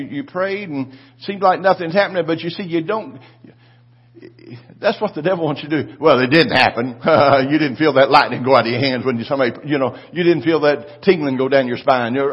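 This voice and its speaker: Husky older man preaching a sermon. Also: on the high side, animated, fairly quick, muffled recording. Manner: preaching with rising, shouted declarations. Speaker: pastor.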